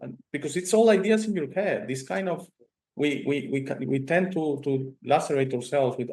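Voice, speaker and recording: Speaking fast with a voice on the high side, this Spanish-native male host chats casually, telling animated stories with emphasis and frequent "okay?" tags at the end of sentences.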